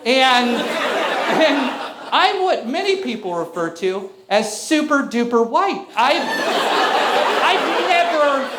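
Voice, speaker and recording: Self-mocking comedian in an echoey club. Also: male voice, extremely high pitch, very animated, slow pace, a loud crowd. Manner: conversational, self-mocking storyteller. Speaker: stand-up comedian. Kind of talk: stand-up comedy set. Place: club stage before a live audience. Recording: echoey venue with audience noise.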